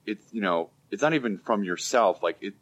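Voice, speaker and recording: Man, very low voice, rambling joking host, muffled lo-fi sound. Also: animated, a little fast, a bit bright. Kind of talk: casual chat.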